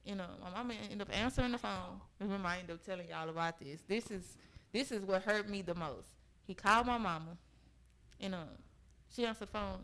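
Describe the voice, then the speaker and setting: A woman's voice: medium pitch, a little fast, a bit bright, poor audio. Earnest woman telling her own story. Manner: earnest, emphatic, keeps checking in with listeners. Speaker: guest sharing a personal story. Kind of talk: conversational storytelling.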